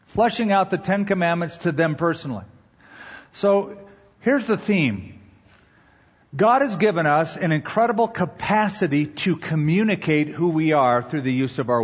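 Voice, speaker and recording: A man delivers a sermon in a measured, deliberate way, slowing down to weigh each word when he reads the verses. His voice sits a little high and has a husky edge. The recording is dull and lo-fi, with a long reverb trailing off the walls of a large hall. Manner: measured preaching, reads scripture slowly with emphasis. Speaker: pastor.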